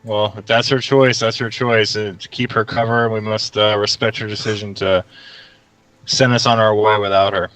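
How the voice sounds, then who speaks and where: A man's voice: on the low side, flat delivery, normal speed, fairly bright tone, no echo, distant mic, rough recording. A man player speaking earnestly and agreeably in character.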